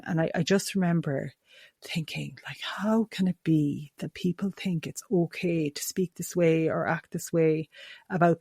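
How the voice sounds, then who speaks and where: A woman's voice: low voice, darkish tone, dry recording, studio quality. Earnest Irish woman telling a personal story. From Ireland. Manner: earnest, emotional, rambling with many restarts and self-corrections. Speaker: autism support advocate.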